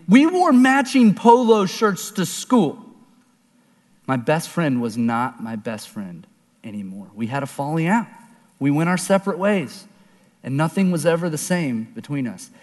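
A man from Oklahoma telling a personal story as a sermon, animated and acting out voices, then dropping low and quiet for serious points. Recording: long reverb of a large hall.

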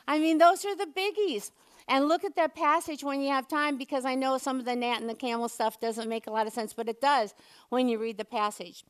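A woman's voice: high voice, lively intonation, normal speed, a bit bright. Woman preacher with a slightly raised voice, chatty and playful. Leads the room in call-and-response. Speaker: church speaker. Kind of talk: lively sermon with audience call-and-response.

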